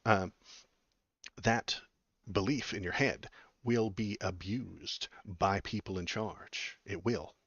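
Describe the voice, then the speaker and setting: A low-pitched man in his forties from Texas, hosting a political livestream and answering chat in a rambling, blunt way full of ums and restarts. His voice comes through dry and a little dull, with a lo-fi edge. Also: steady tone, takes it slowly, fairly bright tone, slightly rough, dry recording.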